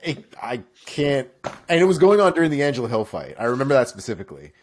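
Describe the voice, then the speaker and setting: A man from Florida co-hosting a casual chat, telling stories with lively swearing. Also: medium pitch, quick pace, a little hiss or hum. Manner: animated storytelling with swearing. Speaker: co-host.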